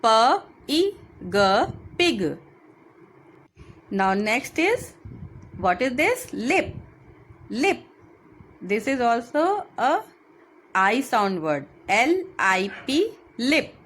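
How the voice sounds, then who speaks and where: A woman's voice: fairly high pitch, big pitch swings, drawn-out words, long pauses, a bit bright. A woman teaching children a phonics lesson, spelling words letter by letter and repeating each one.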